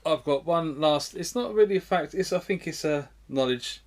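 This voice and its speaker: A man's voice: fairly high pitch, lively intonation, normal speed, darkish tone. Giggly male podcast co-host. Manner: giggly, tosses in silly one-liners. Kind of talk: casual comedic chat.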